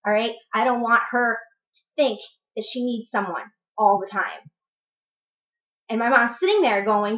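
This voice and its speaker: A woman's voice: a little high, moderate pace, pauses often, fairly bright tone. A young woman in her twenties ranting bluntly in a vlog monologue, swearing and repeating words for emphasis, at home with her child nearby. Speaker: vlogger. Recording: muffled echoey room recording.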